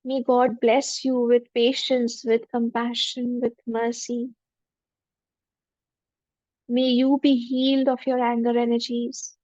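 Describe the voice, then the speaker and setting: A woman, a spiritual teacher leading a guided forgiveness meditation in a gentle, humble voice with repeated affirmations. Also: fairly high pitch, little pitch movement, takes it slowly, dry recording. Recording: dull lo-fi dry recording.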